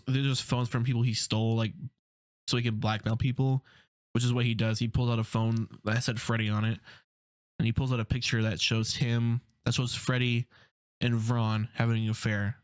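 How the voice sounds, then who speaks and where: A man of middle pitch talks through a TV episode the way he would with a friend. He leans on "like" and slips into quick character voices as he goes. The sound is dry, with no room echo. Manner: loose retelling full of "like", slipping into quick character voices. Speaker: film channel host. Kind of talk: casual episode recap.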